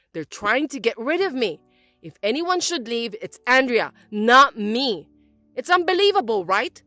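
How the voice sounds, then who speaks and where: A woman's voice: on the high side, a bit bright, no room sound. A woman voicing an overbearing older mother-in-law who nags, accuses and pities herself. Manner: accusing, nagging, self-pitying. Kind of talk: audio drama acting.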